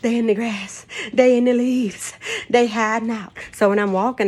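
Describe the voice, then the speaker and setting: A woman's voice: a little high, fairly even intonation, moderate pace, darkish tone. Older lady rambling on in her kitchen, laughs a bunch, folksy way of talking. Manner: rambling, laughs often, folksy Southern turns of phrase. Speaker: vlogger. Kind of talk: casual storytelling to camera. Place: home kitchen.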